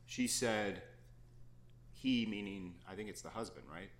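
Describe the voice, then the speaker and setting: Low-voiced male judge questioning, echoey room. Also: a little slow. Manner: probing, conversational, self-correcting. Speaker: appeals judge. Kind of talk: questioning from the bench. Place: courtroom. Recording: echoey courtroom with faint noise.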